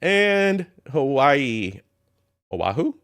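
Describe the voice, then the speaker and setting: A man's voice: mid-range voice, big pitch swings, drawn-out words, a bit bright, clear, resonant tone. A man hosting a casual reaction commentary, mocking and profane as he reads through a list. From Ohio. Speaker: commentary host.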